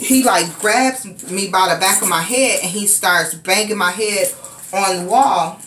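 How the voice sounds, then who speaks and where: Woman recounting her own story, unhurried and repetitive, recorded in a reverberant room. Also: mid-range voice, expressive, fairly bright tone. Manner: rambling, repetitive, conversational with many fillers. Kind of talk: casual personal storytime.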